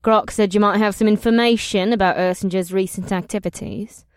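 A man voicing a teasing, purring horned young woman with red skin in an audiobook, his voice raised high and playful. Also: fairly even intonation, a little fast, clean tone, no echo, studio quality, close to an everyday voice. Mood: scolding. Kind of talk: audiobook character voice.

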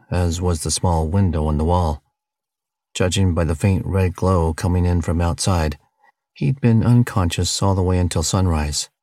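A man reading a novel aloud as audiobook narrator, in steady, scripted storytelling delivery. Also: deep voice, no echo, studio quality.

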